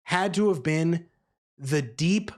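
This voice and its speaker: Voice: medium pitch, expressive, slow. A movie reviewer ranting casually and sarcastically, swearing freely and acting out characters in passing. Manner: profane, exasperated, sarcastic; acts out characters mid-rant.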